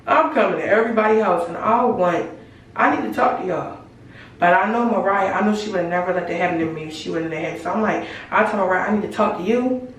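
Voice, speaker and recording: A woman's voice: fairly low pitch, fast talker, far from the mic, slight background noise. A young woman casually telling a slangy storytime vlog, acting out her own heated lines. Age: young adult. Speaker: vlogger. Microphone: camera mic. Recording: echoey room, voice from the mic.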